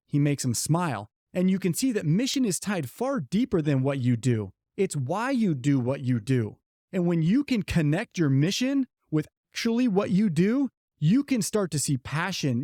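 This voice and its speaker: A middle-aged man co-hosting a business podcast, telling a story earnestly and slowing down to stress key points. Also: on the high side, warm tone, no echo, studio quality. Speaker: podcast co-host. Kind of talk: motivational podcast talk.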